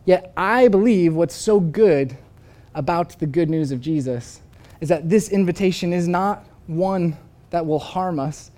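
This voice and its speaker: A man's voice: a little high, dark tone. A man preaching a sermon as a pastor, telling a story earnestly before closing with a prayer.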